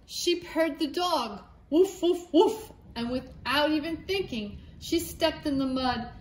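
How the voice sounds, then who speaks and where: A woman reading a picture book aloud to children at home, in a slow and animated storyteller's way. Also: high-pitched, a little hiss or hum. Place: indoors at home. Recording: echoey room.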